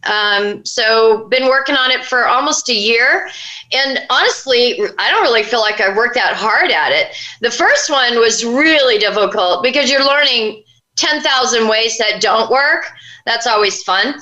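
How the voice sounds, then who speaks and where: A woman's voice: a little high, animated, unhurried, bright, forceful tone, reverberant, dull audio. A woman inventor as a guest, chatting casually and rambling with many fillers. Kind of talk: casual interview talk.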